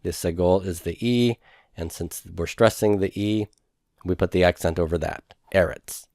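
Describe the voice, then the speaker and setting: A man with a fairly low voice teaches a recorded lesson. He works through each point methodically and repeats key words slowly. The sound is dry and close, with no room echo. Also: a little mellow. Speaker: Hebrew instructor. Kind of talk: recorded lecture over handouts.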